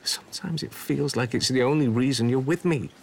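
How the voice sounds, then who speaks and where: A worn-out male medium who speaks in halting, apologetic bursts, as an actor plays him. His voice sits in an ordinary middle pitch, with a faint hiss behind it in this TV drama. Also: creaky, a little mellow, close to an everyday voice. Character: weary male medium doubting himself. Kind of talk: TV drama acting.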